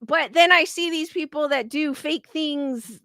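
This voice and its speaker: A woman's voice: sits high, a little slow, sharp tone, dry recording. A woman hosting a paranormal livestream, chatting casually with viewers and rambling candidly as she vents her frustration. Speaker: paranormal YouTube host live-streaming. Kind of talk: casual livestream chat, reading viewer comments.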